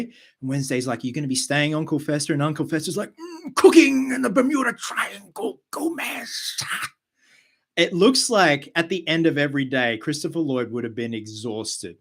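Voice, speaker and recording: A man hosting a casual live stream, chatty with quick asides and fillers. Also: mid-range voice, fairly bright tone. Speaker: host of a live show.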